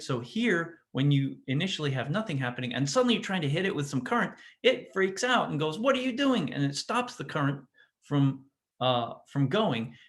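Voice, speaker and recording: A man teaching physics in a casual classroom lecture, often restarting sentences and checking in with his students. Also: medium pitch. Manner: casual, self-interrupting, checks in with "right?".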